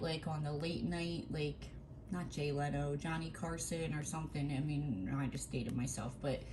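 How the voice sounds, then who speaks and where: Chatty slow-talking woman vlogger. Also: fairly low pitch, background noise. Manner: chatty, teasing, exclaiming and laughing often. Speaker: craft vlogger. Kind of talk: casual chat while opening mail.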